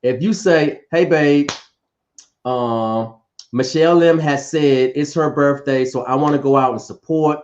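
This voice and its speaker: A man in casual relationship talk, playful and lively, often repeating words as he gets going. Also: fairly high pitch, unhurried, muffled recording, a little hiss or hum. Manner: animated, playful, repeats words when excited.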